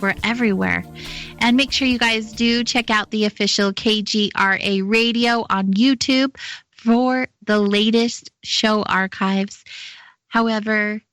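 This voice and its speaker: A woman's voice: mid-range voice, fairly bright tone, no echo. A woman hosting an internet radio talk show, chatty and welcoming as she introduces her guest.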